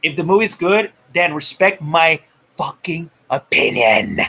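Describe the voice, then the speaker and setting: Bright-voiced man ranting heatedly. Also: a little high, lively intonation, a little slow, slightly rough. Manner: heated, taunting, swings loud and soft. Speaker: movie news vlogger. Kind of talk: ranting commentary.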